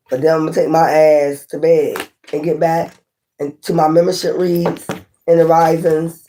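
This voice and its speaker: Her voice sits low and warm, with a bit of noise behind it, as she gives her viewers a relaxed tarot reading. She's blunt and profane, passionate in delivery, hammering points through repetition and questions aimed at the audience.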